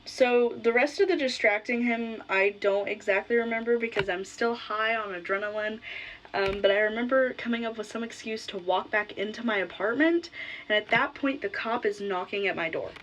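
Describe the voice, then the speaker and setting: Young woman vlogger, casual blunt storyteller, middle pitch, slight background noise. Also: a little fast, fairly bright tone, low-quality recording.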